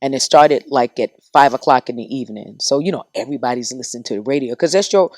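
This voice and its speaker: A middle-aged woman telling stories as a podcast guest in a dry studio. She talks in a lively, animated way and acts out the people she quotes. Her voice sounds like that of a radio personality. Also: very deep voice, fast talker, no echo. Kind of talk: casual podcast storytelling.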